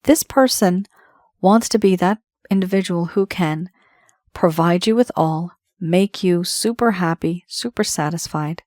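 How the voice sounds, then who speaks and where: A woman's voice: on the low side, unhurried, a little mellow, no room sound, studio quality. A woman giving a tarot reading, talking straight to the viewer in a conversational, reassuring way. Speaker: tarot reader.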